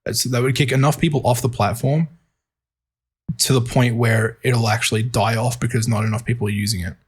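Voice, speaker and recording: A man's voice: medium pitch, fairly even intonation, brisk, husky. A man co-hosting a casual gaming podcast, reasoning step by step and restarting his sentences as he thinks. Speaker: podcast co-host. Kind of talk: casual chat.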